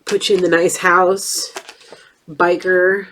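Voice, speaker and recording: A woman's voice: fairly low pitch, little pitch movement, slow pace, a bit bright, slight background noise. A woman giving a casual tarot reading, chatty and blunt, with a stuffed-up nose. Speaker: tarot reader.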